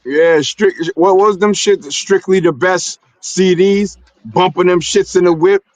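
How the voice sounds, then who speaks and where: A man's voice: high-pitched, measured pace, darkish tone, no room sound. A man from New York City hosting a casual streamed talk, telling stories in loose slang and often adding "you know what I'm saying.". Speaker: stream host. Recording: dull, dry streamed audio.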